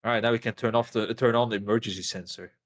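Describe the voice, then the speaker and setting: A man's voice: fairly low pitch, fairly even intonation, fast talker. A man co-playing on a game stream, trading dry, sarcastic quips in casual chat.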